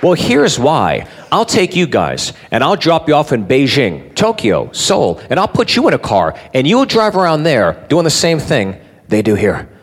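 A man doing a stand-up routine, lively, with shouted sound effects and questions to the audience. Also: a little high, normal speed, husky. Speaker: stand-up comedian. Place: live comedy club with audience.

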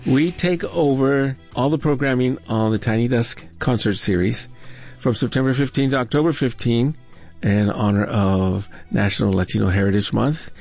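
Gravelly-voiced man co-hosting radio. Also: mid-range voice, moderate pace, soft background music. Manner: relaxed, playful banter. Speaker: music show co-host. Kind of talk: casual radio chat.

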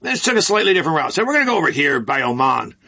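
A man's voice: a little high, sing-song, very fast, vocal fry, bright, forceful tone, breathy edge. A man hosting casual political commentary, folksy and rambling with sarcastic asides.

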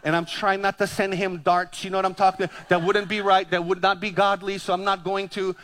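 A male pastor in his fifties from Hawaii, preaching a sermon full of personal stories told with animated, self-deprecating humor. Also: high-pitched, brisk. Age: 50s.

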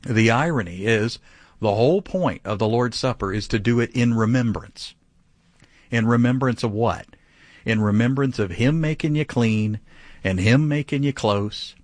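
A man who is a pastor answering a caller, teaching in an animated, emphatic way. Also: medium pitch, no echo. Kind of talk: call-in radio teaching.

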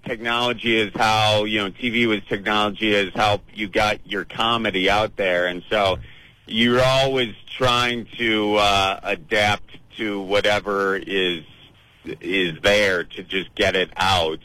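A man's voice: on the low side, a little slow, no echo, poor audio. A man, a comedian guest, chatting casually and jokingly in a radio interview. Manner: relaxed, jokey, rambling with restarts.

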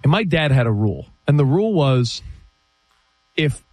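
A middle-aged man from the US East Coast talks sports in a loose, animated way. His fairly high voice swings widely in pitch. The sound is dry and close. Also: dry recording. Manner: animated, storytelling, quick to laugh. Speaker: sports talk show co-host. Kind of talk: casual sports chat.

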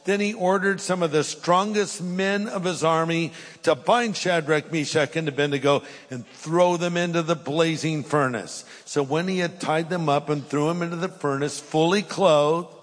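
A man's voice: on the high side, normal speed, few pauses, long reverb tail. A middle-aged man preaching a sermon, reading scripture aloud and then pressing his points with emphasis. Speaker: pastor.

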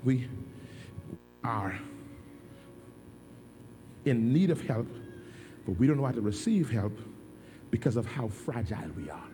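A middle-aged man, a pastor, preaching a sermon in a dramatic storytelling way that swings from hushed to loud. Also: mid-range voice, animated, measured pace, pauses often, a little hiss or hum.

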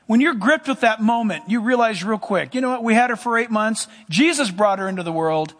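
High-voiced man preaching in a reverberant hall. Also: lively intonation, a little fast, a bit bright. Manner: emphatic storytelling, pitch swings high and low. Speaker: pastor. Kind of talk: sermon.

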